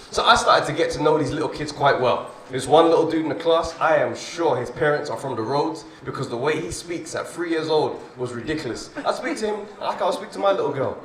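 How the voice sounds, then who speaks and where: A young man doing a stand-up comedy set, chatty and animated, often asking "you know what I mean?". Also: fairly high pitch, fairly quick. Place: comedy club stage. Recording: echoey club, far from the mic, loud noise and crowd.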